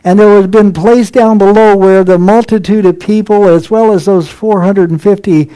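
A man with a notably high-pitched voice delivers an expository sermon. His tone is dark and mellow rather than bright. He reads scripture aloud, comments on each verse, and now and then chuckles at the text. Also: steady tone, moderate pace, smooth, poor audio. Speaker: preacher.

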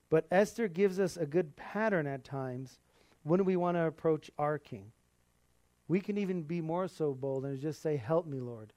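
Preaching earnestly with a warm tone, this man speaks conversationally in a slightly high voice and laughs from time to time. The recording is close and dry, without any room echo.

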